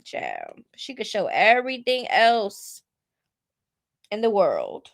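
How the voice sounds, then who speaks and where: A young woman vlogger giving casual gossip commentary, chatty and drawn-out, with frequent ums and asides of "child". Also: medium pitch, huge pitch swings, creaky.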